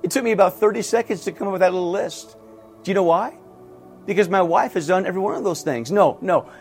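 High-voiced man preaching a sermon. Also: fast talker, darkish tone, soft background music. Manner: earnest preaching with emphatic repetition. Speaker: pastor.

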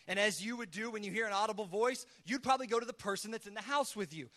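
A man with a high, bright voice preaches a casual, conversational sermon. He tells the story in an easy, chatty way and drops into lively acted asides. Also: fast talker. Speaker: pastor.

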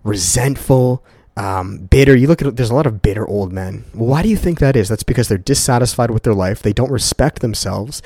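This young host talks a little fast in a mellow, mid-range voice, captured in a dry, clean studio-quality recording from his condo. On his solo motivational podcast he speaks straight to his "guys," earnest and profane, repeating words for emphasis.

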